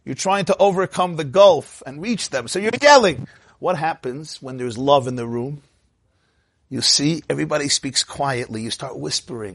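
Animated rabbi, higher pitched man. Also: moderate pace, dry recording, clean studio sound. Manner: animated, rhetorical questions, sprinkles Hebrew and Yiddish terms. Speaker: rabbi teaching a class. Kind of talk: Torah class lecture.

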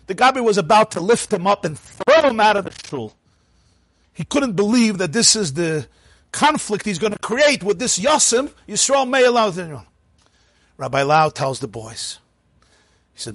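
Animated man telling a sermon story. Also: sits high, measured pace, breathy edge, dry recording. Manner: animated, conversational storytelling with frequent asides. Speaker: preacher.

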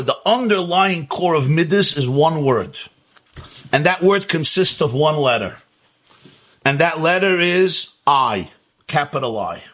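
A man teaches in a high, slightly husky voice that swoops up and down with animation. He lectures emphatically, firing off rhetorical questions and repeating his key words. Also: a bit bright. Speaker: Torah teacher. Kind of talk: Hasidic lecture.

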